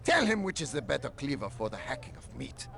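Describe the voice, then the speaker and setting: A man's voice: medium pitch, sing-song, fairly quick, gravelly, fairly bright tone. An actor playing a haughty male bazaar merchant who speaks in a scornful, showy way.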